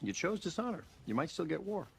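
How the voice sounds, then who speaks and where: A man's voice: fairly high pitch, sing-song, fairly quick, vocal fry, slightly rough, full character voice. A composed man with a dry, cutting rebuke. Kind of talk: film dialogue clip.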